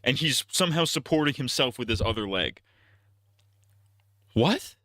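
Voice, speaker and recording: Sarcastic male streamer, bright and dry. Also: medium pitch, animated, quick pace, no echo. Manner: skeptical, sarcastic interjections. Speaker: streamer reacting to a video. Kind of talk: live-stream commentary.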